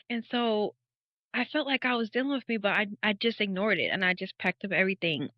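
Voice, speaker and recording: A woman in her thirties, a podcast guest, telling her faith testimony as a lively story, acting out the dialogue and laughing often. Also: medium pitch, a little fast, no echo. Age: 30s. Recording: dull, dry podcast audio.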